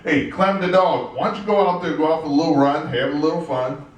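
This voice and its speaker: A comedian voicing a folksy rural man who drawls at and scolds his huge dog, with his voice pushed higher and louder. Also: steady tone, brisk, close to an everyday voice. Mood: coaxing. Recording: roomy live venue, distant mic, noisy.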